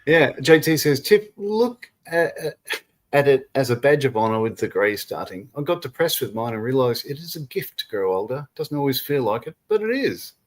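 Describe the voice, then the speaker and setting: A man's voice: medium pitch, expressive, normal speed. Chatty man reading out live comments. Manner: laughs often, reads chat messages aloud. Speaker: co-host of a model-building livestream.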